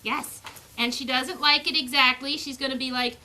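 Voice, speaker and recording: A woman's voice: sits high, flat delivery, normal speed, pushed and bright, a little hiss or hum. A woman breeder chatting casually outdoors about raising puppies, slipping into sing-song baby talk with the pups as she handles them. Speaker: dog breeder. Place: outdoors on a farm.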